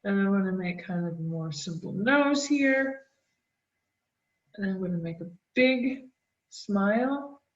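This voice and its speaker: A woman art teacher talking children through a drawing, gentle and encouraging as she draws. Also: mid-range voice, lively intonation, slow pace, distant mic. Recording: dull, roomy, from the mic.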